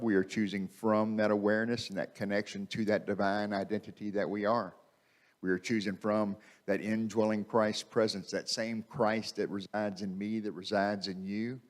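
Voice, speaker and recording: A man preaching a conversational sermon in a church, repeating key phrases for emphasis. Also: on the low side. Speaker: minister. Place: church sanctuary. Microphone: microphone.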